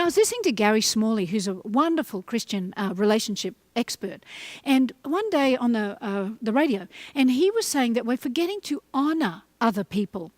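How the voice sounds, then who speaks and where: A middle-aged woman giving a motivational talk to camera, animated and acting out little voices as she goes. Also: on the high side, no echo. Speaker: motivational speaker.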